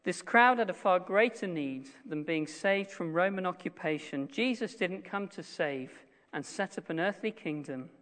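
Earnest preacher in an echoing hall. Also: male voice, high voice, lively intonation. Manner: earnest, slows and drops to a hush on key phrases. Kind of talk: sermon. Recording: long reverb of a hall.

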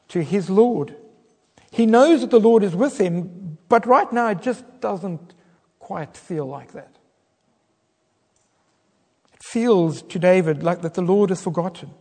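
A man's voice: high-pitched, darkish tone. A man preaching a sermon, dramatic in delivery and rising to fervent cries when he quotes prayers. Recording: long reverb of a hall.

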